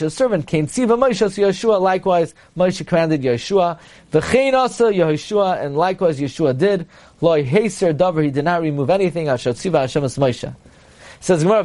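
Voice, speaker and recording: A man teaching a Talmud class, reading Aramaic lines and explaining them with lively retelling. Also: high-pitched. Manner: reads Aramaic then explains in English, animated.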